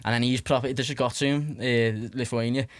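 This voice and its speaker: A man's voice: mid-range voice, fairly even intonation, a little fast, smooth, no room sound. Rambling young Scouse man. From Liverpool, England. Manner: rambling, lots of "like" fillers and swearing. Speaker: podcast guest. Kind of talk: casual anecdotal storytelling.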